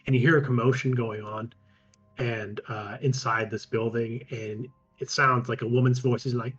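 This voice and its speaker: A man narrating as game master of a tabletop role-playing game, halting with frequent ums and restarts. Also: medium pitch, little pitch movement, a bit bright, muffled recording, faint music behind.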